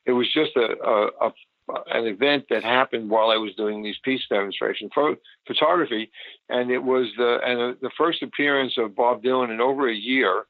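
A man's voice: mid-range voice, moderate pace, no echo. An older man, a photographer, recalling his past in a rambling, casual interview. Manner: rambling, with many restarts and fillers. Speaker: photographer guest. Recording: tinny phone line, dry.

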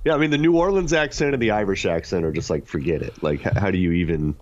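A man's voice: fast, dry recording, lo-fi sound. A man co-hosting a sports talk show from his home office, bantering casually and laughing often. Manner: animated, laughing, jumps between high and low pitch.

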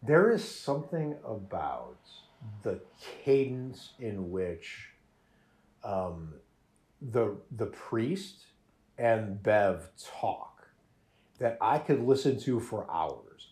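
Animated man chatting about a show. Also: lowish voice. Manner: animated, restarts, laughs often. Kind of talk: casual chat reviewing a show.

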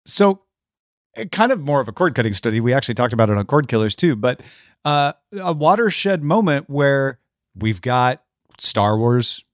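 A man's voice: mid-range voice, big pitch swings, moderate pace, no echo, clean studio sound. A man co-hosting a book podcast, joking around and explaining news items. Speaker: podcast co-host. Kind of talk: casual book podcast chat.

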